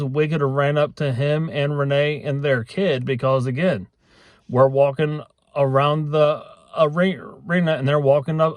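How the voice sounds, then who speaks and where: A middle-aged man vlogs in an unhurried, halting way, full of ums and restarts. His voice sits a touch high for a man. The recording is dry and close, with no room sound. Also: no echo. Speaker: vlogger. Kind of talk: casual vlog monologue.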